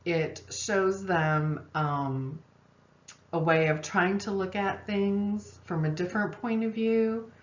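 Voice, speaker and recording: A woman giving a recorded parenting lesson, calm and explanatory, often checking in with "okay?". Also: mid-range voice, slow. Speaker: parenting instructor and social worker. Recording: echoey room, dull lo-fi sound.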